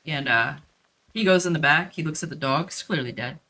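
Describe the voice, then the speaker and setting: A woman's voice: low-pitched, fairly quick, bright, forceful tone. A woman telling a story in a blunt, profane, casual way while streaming a game, with lots of fillers and repeats.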